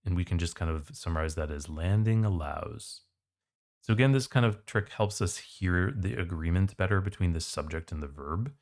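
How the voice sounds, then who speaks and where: A man's voice: deep voice, animated, moderate pace, a little mellow. A man tutoring for the SAT, walking through test questions in a casual, conversational way. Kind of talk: test prep walkthrough.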